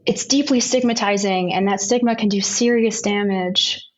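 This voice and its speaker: A woman's voice: medium pitch, normal speed, highs cut off. A woman patient advocate giving earnest personal testimony in a panel conversation, often searching for words.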